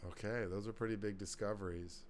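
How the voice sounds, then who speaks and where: A man hosting a podcast in loose, casual chat, with a fairly low voice. He rambles from point to point, cracks jokes and swears freely. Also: fairly even intonation, fairly quick, a little hiss or hum. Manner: profane, rambling, jokey. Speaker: podcast host.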